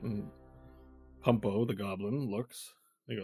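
A man's voice: fairly low pitch, fairly even intonation, normal speed, slightly rough, no room sound, soft background music. A man narrating as game master of a tabletop game, describing scenes in a loose, rambling way with restarts.

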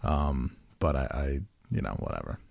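A man's voice: extremely low pitch, sing-song, moderate pace, gravelly, darkish tone. A man co-hosting a casual podcast chat, rambling and self-deprecating, restarting his sentences often. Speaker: podcast co-host.

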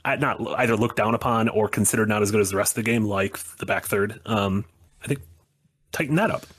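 A man's voice: fairly low pitch, brisk, a bit bright, slightly rough. A man co-hosting a casual podcast, talking in a chatty, thoughtful way with many fillers. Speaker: podcast co-host. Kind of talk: casual chat.

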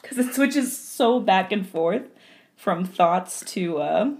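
A woman's voice: medium pitch, slow pace. A woman hosting a podcast, reading fan fiction aloud and chatting casually, giggling often. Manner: giggly, laughs often, animated. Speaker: podcast host.

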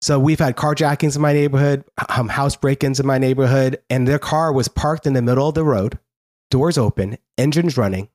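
A man speaks as a guest, telling his story in an earnest, halting way. He often stops and restarts mid-sentence as he works through the memories. His voice sits at a middle pitch. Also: a little mellow.

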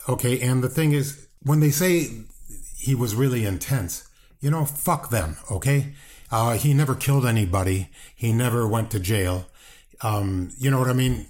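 Speaking at medium pitch and a moderate pace with a darkish tone, this older man sounds defensive and blunt. He's guesting on a casual wrestling interview about his brother, and his talk rambles with restarts and curses.

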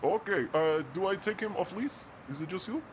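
A man's voice: sits high, lively intonation, fairly quick, a little hiss or hum. A man voicing a friendly building supervisor who speaks broken English and drops his articles. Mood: chatty.

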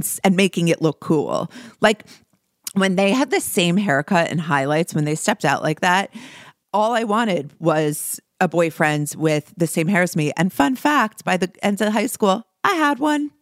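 A woman co-hosting a podcast, talking in a chatty, animated way about celebrity couples. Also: fairly low pitch, dry recording, clean studio sound. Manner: chatty, animated, laughs often. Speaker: podcast co-host. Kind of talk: casual pop-culture chat.

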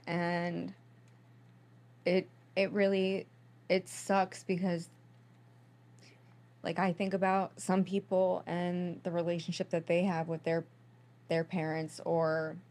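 A woman's voice: on the low side, a little mellow. A young woman co-hosting a podcast, talking in a casual, gushing way full of fillers as she tells a personal story. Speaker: podcast co-host. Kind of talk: casual chat.

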